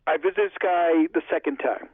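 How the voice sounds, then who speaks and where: A man's voice: on the high side, moderate pace, breathy edge, no echo. A man being interviewed, telling stories in a chatty way and acting out past conversations line by line. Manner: chatty, retells conversations in dialogue. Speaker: interview guest, filmmaker. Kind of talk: casual storytelling interview. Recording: dry, phone-like line.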